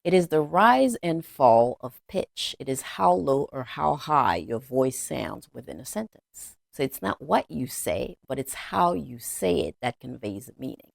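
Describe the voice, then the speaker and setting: Man teacher, gravelly, dry close voice-over, plain repetitive explainer. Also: medium pitch, sing-song, measured pace, hardly any pauses, no room sound. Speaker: language teacher. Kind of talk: explanatory lesson narration.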